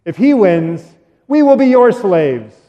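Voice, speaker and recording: A man voicing a huge, boastful giant warrior who taunts loudly and laughs mockingly, told in a church sermon. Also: high-pitched, very animated, slow pace, big-room sound, highs cut off, voice pushed up, exaggerated voice. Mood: challenging.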